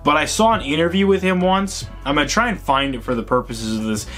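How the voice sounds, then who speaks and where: A tired man hosting a movie ranking vlog, ranting in a profane, excitable, rambling way. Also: fairly high pitch, a little fast, faint music behind. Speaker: host.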